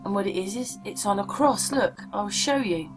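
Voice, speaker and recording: A woman with a mid-pitched voice talks casually to her viewers, rambling from one point to the next. She keeps asking questions like she's chatting with a friend. Soft music sits faintly underneath. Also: lively intonation, normal speed. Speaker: vlogger. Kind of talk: casual rambling commentary over maps.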